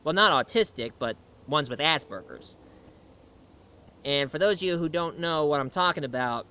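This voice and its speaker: A man's voice: on the high side, lively intonation, normal speed, sharp tone, clean tone. A man giving a casual film and comic review, rambling along with many fillers and restarts.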